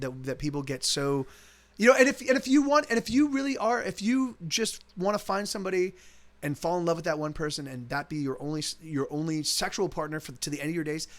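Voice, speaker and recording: A man's voice: sits high, fairly bright tone. A man who streams his own music live, talking casually and rambling between songs, often restarting his sentences and swearing freely.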